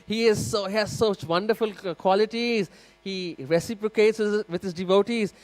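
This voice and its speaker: A man voicing an eager young male temple priest who gushes with excited praise. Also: medium pitch, fast talker, lightly acted, rough recording. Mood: fired up.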